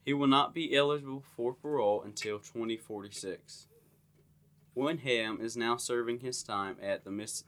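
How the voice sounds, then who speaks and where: A man co-hosting a podcast, reading out a true-crime case in a steady, matter-of-fact way. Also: mid-range voice. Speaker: podcast co-host.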